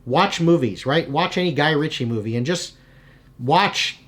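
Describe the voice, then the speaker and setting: A young adult man hosting a video of tips for dungeon masters, talking in an energetic, conversational way with frequent "right?" asides. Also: fairly high pitch, a little slow. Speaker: channel host giving tabletop game advice. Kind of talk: casual advice video.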